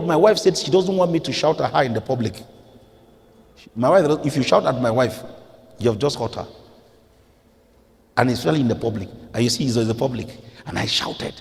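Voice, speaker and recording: Nigerian-accented male pastor, middle-aged, animated pitch, preaching in a reverberant church hall. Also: brisk, creaky. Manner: preaching with sudden loud rises and quiet drops. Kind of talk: sermon.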